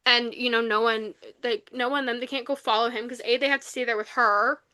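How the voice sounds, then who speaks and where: A young woman co-hosting a podcast, recapping a novel in casual chat, animated and full of fillers, acting out the lines she quotes. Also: on the high side, a little fast, no room sound. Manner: animated retelling, acts out quotes, many fillers. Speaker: podcast co-host. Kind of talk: casual book review chat.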